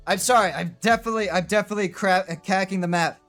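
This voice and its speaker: A man chatting casually on a stream as he opens card packs. He is excitable and rambling, swears freely, and his voice sits a bit high. Faint music plays behind him. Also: fast talker, hardly any pauses. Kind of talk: casual chat while opening card packs.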